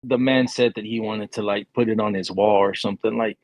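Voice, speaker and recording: A man's voice: lowish voice, fairly even intonation, brisk, no room sound. A man playing a tabletop game who rambles through his ideas with plenty of "like". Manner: rambling, full of "like". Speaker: player. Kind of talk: casual tabletop game play.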